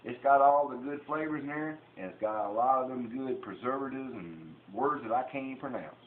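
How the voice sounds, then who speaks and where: A man's voice: mid-range voice, brisk, slight background noise. Folksy Southern man in a tinny, echoey kitchen. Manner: folksy, rambling, jokey. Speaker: home cooking vlogger. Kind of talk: casual kitchen demonstration. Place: home kitchen. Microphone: camera mic.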